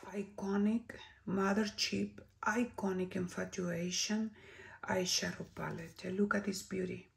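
Chilean woman reviewing makeup, Spanish-accented English, unhurried with a gravelly edge, slips into soft whispers. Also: mid-range voice. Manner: slow, lingering, drops to soft whispers when admiring products. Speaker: beauty vlogger. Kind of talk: product review and tutorial.

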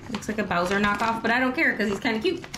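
Brief: woman co-host, casual unboxing chat, wry, roomy sound with clear background noise. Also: on the high side, racing. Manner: chatty, mildly wry, trails off. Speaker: toy review co-host.

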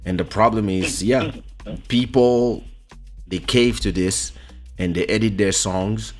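Low-voiced man hosting a ranting chat. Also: slow pace, faint music behind. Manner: animated, ranting. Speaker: host. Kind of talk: casual livestream chat. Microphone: studio microphone.

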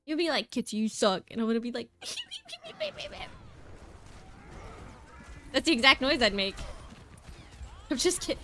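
High-voiced bright playful woman streamer. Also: animated, fast talker, pauses often, slight background noise. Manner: playful, giggly, teasing with voice chat. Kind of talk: casual gaming stream chat.

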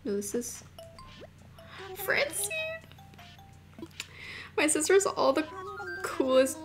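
A young woman streaming a video game, chatting casually and gushing excitedly, dropping to murmurs and rising to squeals. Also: high voice, normal speed, over music. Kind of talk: casual live-stream chat while gaming.

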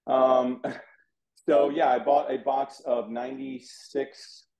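A man's voice: medium pitch, slow pace, roomy sound, crowd noise, low-quality recording. A man from Houston, a guest on an interview show telling a casual story and acting out the dialogue in it, heard over a video call. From Houston, USA. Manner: animated, acts out quoted dialogue. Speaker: interview guest, card collector.

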